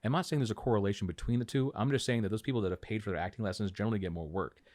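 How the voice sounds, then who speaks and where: A man with a very low voice talks quickly and freely, a guest on a podcast in a small room. His stories are animated, and he slips into other people's voices to act out what they said. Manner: animated, acts out other people's lines in the story. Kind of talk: casual storytelling chat.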